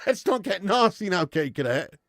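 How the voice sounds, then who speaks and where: A man's voice: high voice, big pitch swings, normal speed, fairly bright tone, no room sound. A man hosting a live stream, bantering with viewers in casual, sweary chat and laughing often.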